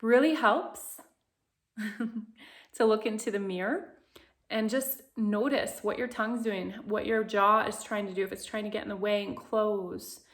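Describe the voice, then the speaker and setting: Slow, calming instructions come from a woman voice coach running a guided vocal exercise lesson, and she sings vowel sounds to demonstrate. Her voice is mid-range with fairly even intonation.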